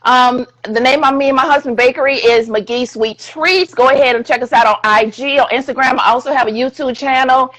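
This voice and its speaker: A woman's voice: sits high, fairly even intonation, fairly quick, hardly any pauses, fairly bright tone, poor audio. A woman co-hosting a casual live-stream chat, playful and colloquial, talking over a video call. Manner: playful, plugs her bakery, colloquial. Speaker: co-host, relationship coach.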